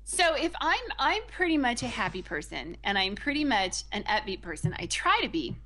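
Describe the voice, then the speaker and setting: A woman's voice: medium pitch, big pitch swings, normal speed, fairly bright tone. A woman with an American accent co-hosting a radio show, playful and gushing in casual banter. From United States. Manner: playful, gushing, flirty teasing. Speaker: radio co-host.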